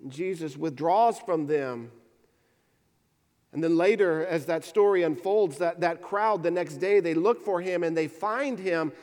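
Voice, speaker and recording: Brief: earnest male preacher, high voice, stumbles and repeats words, in a church sanctuary. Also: unhurried, a little mellow, big-room sound. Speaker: pastor. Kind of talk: sermon.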